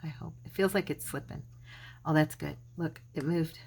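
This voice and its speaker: A woman's voice: deep voice, fairly even intonation, moderate pace, creaky, darkish tone, breathy edge. A middle-aged woman hosting a craft channel, chatting casually and talking to herself as she works, living in Arizona. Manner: chatty, talks to herself while working. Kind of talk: casual crafting tutorial chat.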